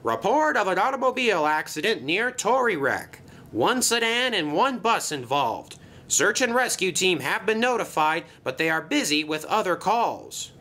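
A man doing a brisk alarm announcer. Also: high-pitched, big pitch swings, bright, forceful tone, voice pushed up, full character voice. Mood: urgent. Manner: urgent official report.

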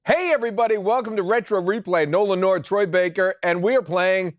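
A man's voice: high-pitched, a little fast, no echo, studio quality. A man co-hosting a casual gaming chat, jokey and rambling as he clowns around. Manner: jokey, rambling, playfully silly. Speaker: co-host.

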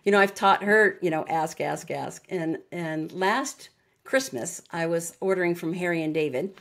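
Woman guest telling lively anecdotes. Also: on the low side, normal speed, vocal fry. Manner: lively anecdotal storyteller who acts out dialogue. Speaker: interview guest, retired naval officer. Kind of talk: conversational interview.

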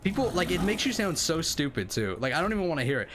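A man with a Northern English accent giving casual, animated commentary on a livestream, swearing freely and laughing often. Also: a little high, fast, over music. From northern England. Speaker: streamer.

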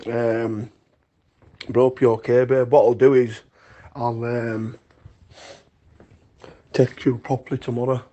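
A man's voice: mid-range voice, flat delivery, slow pace, long pauses, mellow, muffled recording. A young man leaving rambling, casual voice messages, swearing often and calling the listener pet names. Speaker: voice note sender.

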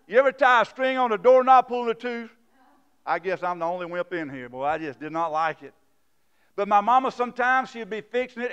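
A man preaching a sermon in a church. He swings from loud, fervent shouting to quiet storytelling. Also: high-pitched, smooth, highs cut off. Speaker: pastor. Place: church sanctuary.

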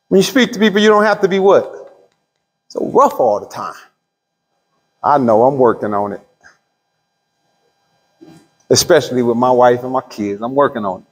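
A middle-aged pastor teaching a Bible study, asking the room questions and drawing out key words. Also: male voice, medium pitch, husky. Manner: call-and-response questions to the room; drawls key words slowly. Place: church hall. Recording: long hall reverb.

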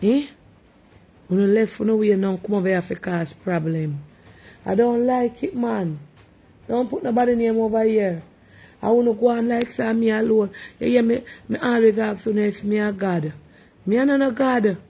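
Jamaican accent, live-stream host, scolding tone, dark mellow voice, husky. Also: medium pitch, fairly even intonation, normal speed, highs cut off. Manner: scolding, repetitive, rhetorical questions. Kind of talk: casual live stream chat, reading and answering comments.

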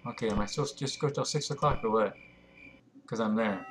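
A man's voice: on the low side, brisk, a little hiss or hum. A man giving chatty, jumpy, self-mocking commentary while he plays a horror game. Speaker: gameplay video host. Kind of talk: let's play commentary.

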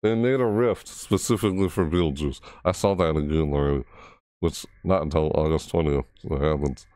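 A man hosting a reaction video, rambling casually with frequent restarts and excited asides, his voice cracking. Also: a bass voice, brisk, dry recording, studio quality.

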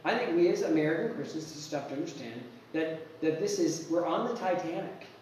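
A man preaching a sermon as pastor, animated, acting out quotes and restarting his sentences often. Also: on the high side, a little fast, a little hiss or hum. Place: church sanctuary. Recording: echoey church hall, mic far off.

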